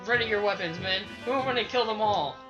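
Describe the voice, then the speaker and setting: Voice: medium pitch, brisk, muffled recording, over music, close to an everyday voice. A player doing a barking enemy captain. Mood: threatening. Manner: barking threats. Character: hostile enemy soldier captain, bullying.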